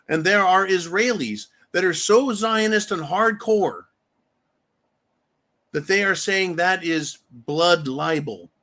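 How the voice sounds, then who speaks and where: The man's voice is fairly bright and on the high side as he hosts a talk show. His commentary wanders and hits hard with opinions, and he slips into mocking voices for quotes.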